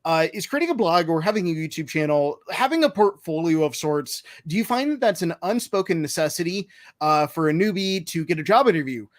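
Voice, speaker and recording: A man's voice: a little high, animated, fairly quick. A man with a Midwestern accent hosting a casual live-stream chat, joking and sarcastic, often laughing.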